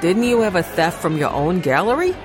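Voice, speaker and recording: A woman voicing a serious older male detective in an audiobook, speaking low, measured and grave. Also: sing-song, music in the background, a crowd in the background.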